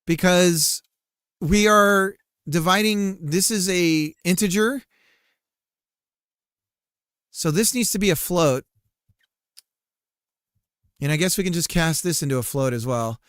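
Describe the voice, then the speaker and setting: A man's voice: sits high, expressive, slow, pauses often, a bit bright, clean tone, no echo. Dry, close-miked male streamer. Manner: loose and joking, addresses chat as bros, swears. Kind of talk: casual live-stream chat while coding.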